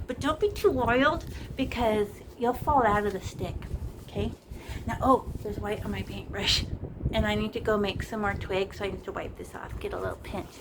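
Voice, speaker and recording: A woman's voice: mid-range voice, normal speed, recorded from a distance, background noise. A woman teaching a painting lesson in a chatty, playful way, talking through every brushstroke. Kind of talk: casual painting tutorial.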